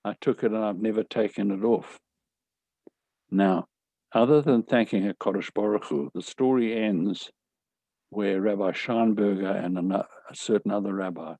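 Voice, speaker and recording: A man's voice: fairly low pitch, vocal fry, mellow, no echo. An older man telling a personal story to an audience in an earnest, emotional way, often retelling what others said to him. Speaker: speaker telling his life story.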